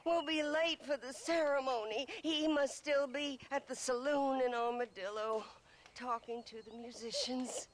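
A woman's voice: sits high, fairly even intonation, unhurried. An actress voicing a distraught young woman in a video game, pleading in an old-fashioned, dreamy way. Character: distraught young woman awaiting her groom.

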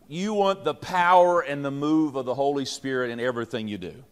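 A middle-aged man, a pastor teaching leaders in a folksy, joking way with many fillers and restarts. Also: medium pitch. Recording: long reverb from a hall.

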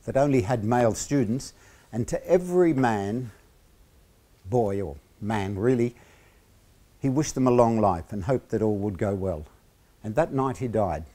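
An Australian man gives a university lecture at an ordinary middle pitch. He talks in halting stretches broken by "uh", then drops in dry, teasing jokes between the points of the lesson. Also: a little mellow. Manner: halting, many "uh" fillers, joking asides.

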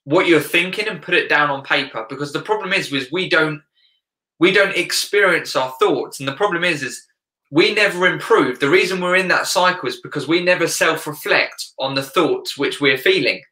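Earnest man with a bright voice in an echoey room. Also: a little high, normal speed. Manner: earnest, reflective, searching for words. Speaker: guest, life coach. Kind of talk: casual interview chat.

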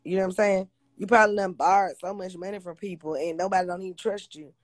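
A woman's voice: medium pitch, a little mellow, no room sound. A woman hosting a casual livestream on her phone, blunt, profane and confrontational as she talks to viewers. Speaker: livestream host.

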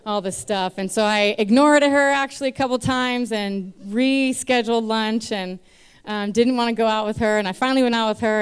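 A woman's voice: medium pitch, clean tone. A young woman in her twenties sharing a candid personal testimony on a church stage into a microphone, nervous and chatty with many fillers. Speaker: church member giving testimony.

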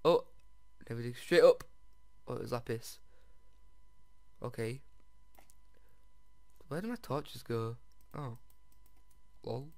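A man giving let's-play commentary as he plays, excitable, often jumping to squeals over finds and talking straight to his viewers. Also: medium pitch, takes it slowly, long pauses, no room sound. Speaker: video game player.

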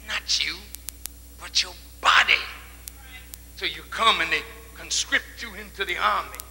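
A man giving a fiery public speech, emphatic and often shouting, with deliberate phrasing. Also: high voice. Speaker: public speaker. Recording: echoey hall with background noise.

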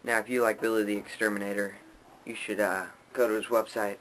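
A man's voice: on the low side, level tone, fairly quick, fairly bright tone, a little hiss or hum, low-quality recording. A man hosting a casual joking vlog, rambling offhandedly. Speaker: vlogger.

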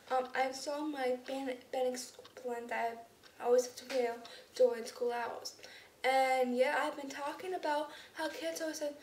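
A woman's voice: high-pitched, a little mellow. A young woman vlogging casually, rambling with lots of ums and restarts, her speech slightly unclear. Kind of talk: casual vlog to camera. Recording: roomy echo, somewhat far from the mic, faint background noise.

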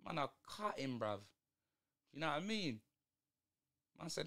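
A man's voice: on the high side, big pitch swings, measured pace, creaky, long pauses, sharp tone. A young man, ranting in slang through a live football watch-along stream. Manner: exasperated, slangy ranting at the match.

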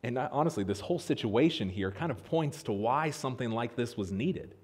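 An American man from Pennsylvania preaching a sermon as pastor in a church, telling stories in an animated way. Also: brisk, husky. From Pennsylvania, USA. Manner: animated storytelling with lively pitch swings. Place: church sanctuary.

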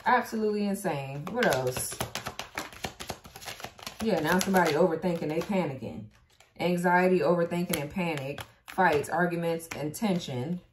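A woman's voice: on the low side, echoey room, noisy background. A woman giving a casual tarot reading, blunt and profane, who laughs and talks back to the cards as she goes. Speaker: tarot reader.

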